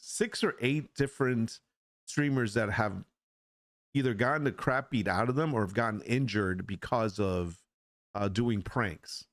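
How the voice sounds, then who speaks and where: A man's voice: medium pitch, no room sound. A middle-aged man hosting a casual solo podcast chat, rambling and frank, often repeating words as he restarts a thought. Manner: frank, opinionated. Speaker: podcast host.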